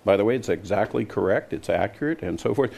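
Gravelly older man preaching emphatically. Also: lowish voice, lively intonation, fast, a little mellow, a little hiss or hum. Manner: emphatic, asks the audience questions, scoffing. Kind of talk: sermon to a congregation.

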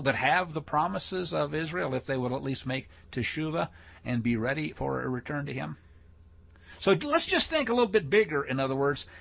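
Husky-voiced man teaching scripture. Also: a little high, a bit bright. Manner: reads verses aloud with rising emphasis, adds wry asides. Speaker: Bible teacher. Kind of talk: sermon teaching with scripture reading.

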